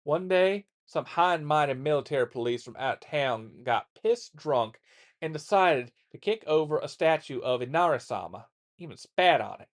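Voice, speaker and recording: A man putting on a gruff old war veteran father. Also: a little high, expressive, moderate pace, close to an everyday voice. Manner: blunt, coarse, folksy storytelling. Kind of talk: reading a letter aloud in character.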